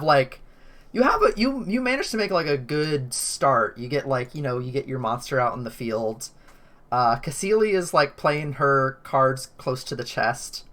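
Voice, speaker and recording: A woman's voice: extremely low pitch, a bit bright. A woman running a tabletop game over an online call, thinking aloud and rambling with lots of fillers. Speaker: game master.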